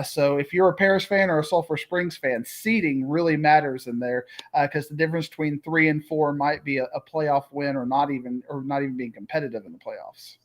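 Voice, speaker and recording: A man reviewing high school football in an analytical, steady way. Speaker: sports show co-host. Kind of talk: casual sports talk.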